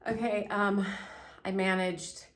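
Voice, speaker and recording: A woman's voice: mid-range voice, level tone, takes it slowly, background noise. An American woman filming a casual vlog from behind the camera in a cellar, talking in an emotional, rambling, apologetic way. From United States. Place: house cellar. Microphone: handheld camera.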